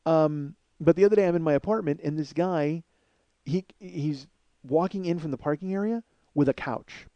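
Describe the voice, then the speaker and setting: A man hosting a podcast, telling a profane comedic story to listeners in an animated monologue. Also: fairly high pitch, moderate pace, no room sound. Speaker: podcast host.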